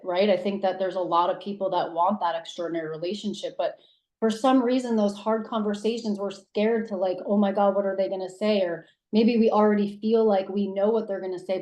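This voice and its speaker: A woman in her thirties, a guest telling personal stories in casual conversation, acting out quotes with big jumps in pitch. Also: darkish tone. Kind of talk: casual interview storytelling. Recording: roomy echo.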